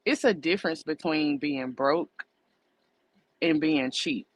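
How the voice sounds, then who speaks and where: A woman's voice: low-pitched, slow pace, no room sound, low-quality recording. A woman co-hosting a casual podcast, giving blunt, emphatic opinions laid out as numbered points. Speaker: podcast co-host.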